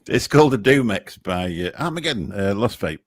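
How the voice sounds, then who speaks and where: A man's voice: on the low side, lively intonation, a little fast, no room sound, clean studio sound. A man chatting as a guest on a live stream, rambling and self-deprecating, with a sarcastic streak. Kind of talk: casual chat.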